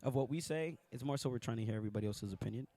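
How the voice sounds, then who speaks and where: A man's voice: medium pitch, racing, warm tone. A young man hosting a casual podcast outdoors on a college campus, chatty and hesitant, repeating his words. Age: young adult. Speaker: podcast host.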